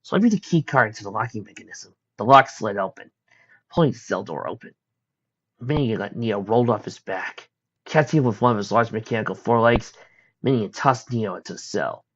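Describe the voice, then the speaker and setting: A man's voice: lowish voice, expressive, fairly quick. A man reading fan fiction aloud in a plain manner, with some slips. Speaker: audiobook reader. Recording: dull lo-fi recording.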